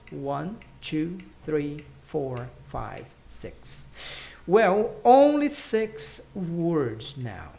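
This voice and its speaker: High-voiced man teaching English. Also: a little mellow. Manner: chatty, explains slowly, counts aloud. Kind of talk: casual online English lesson.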